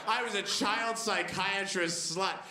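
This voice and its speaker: A man in his late twenties telling a stand-up set, animated storytelling with mumbled asides. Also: high-pitched, takes it slowly, reverberant. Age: late 20s. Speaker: stand-up comedian. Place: comedy club stage before a laughing audience.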